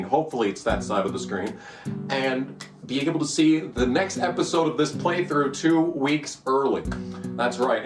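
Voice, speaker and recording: A man commentating his own racing video game play, cursing freely and swinging from excited shouting to frustrated ranting. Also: medium pitch. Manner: excitable, profane, shouts during the race; grumbling, frustrated rant. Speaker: gaming YouTuber. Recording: roomy echo, distant from the mic.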